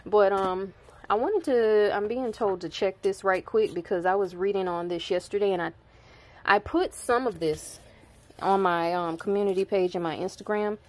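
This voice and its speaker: A woman's voice: mid-range voice, moderate pace. A woman reading Bible verses aloud and breaking off to explain them in casual asides. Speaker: preacher reading scripture. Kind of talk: informal Bible reading with commentary.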